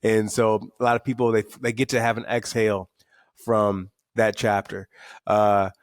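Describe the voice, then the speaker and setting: A middle-aged man, talking in a podcast interview. His voice sits low and is recorded close and dry, with no room around it. He tells stories candidly, often repeating words as he builds up energy. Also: flat delivery, normal speed, dry recording. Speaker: guest, author and speaker.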